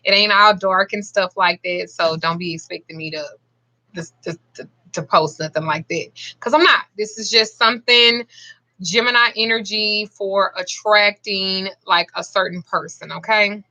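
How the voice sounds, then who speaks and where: A woman's voice: medium pitch, normal speed, pushed and bright, poor audio. A woman in her forties with a Southern US accent, chatting casually and bluntly at home about a simple ritual. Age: 40s. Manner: chatty, blunt, swears freely. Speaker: spiritual practitioner. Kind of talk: casual vlog chat.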